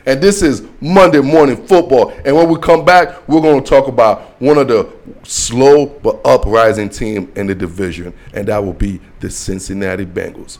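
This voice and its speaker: A man's voice: medium pitch, moderate pace, a little mellow, faint music behind. A man hosting his own football show, making brash trash-talking predictions in casual slang. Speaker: sports show host. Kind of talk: casual sports commentary.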